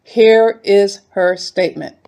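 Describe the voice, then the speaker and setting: A woman speaks in an indignant, heated way, addressing her audience directly as she comments. Her voice carries a gravelly fry, and her pitch sits in an ordinary middle range. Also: slow pace, dark tone. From North Philadelphia. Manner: heated, indignant, talks straight to viewers. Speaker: YouTube commentator. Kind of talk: casual commentary video.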